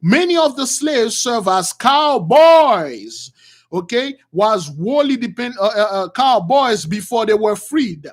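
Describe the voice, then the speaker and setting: A man preaching to his followers in an emphatic, repetitive way, swinging between shouts and quiet asides. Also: extremely high pitch, very animated, slow. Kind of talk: street-style sermon.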